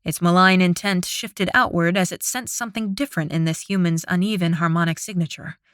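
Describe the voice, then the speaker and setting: A woman narrating an audiobook with a steady, dramatic reading, close to the microphone. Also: on the low side, fairly quick, clean tone, no room sound. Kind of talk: scripted narration.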